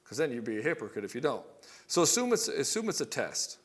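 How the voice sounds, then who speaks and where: Speaking bluntly and straight to you, this middle-aged man, a relationship coach, rambles casually, swears a lot, and acts out the voices of the arguments he retells. His pitch is an average male middle, with a sing-song lilt, a quick pace, and a breathy edge.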